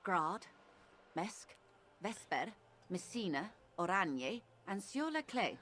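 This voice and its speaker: An actress voicing a composed, worldly woman who explains politics in a measured, dry way. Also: medium pitch, big pitch swings, a bit bright, slight background noise. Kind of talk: game voice acting.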